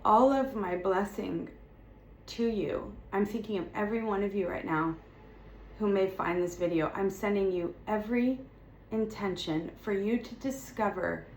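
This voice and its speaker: A woman speaking as a spiritual content creator, giving impassioned encouragement to her viewers in a fervent, repetitive way with emphatic declarations. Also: medium pitch. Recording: roomy echo with faint ambience.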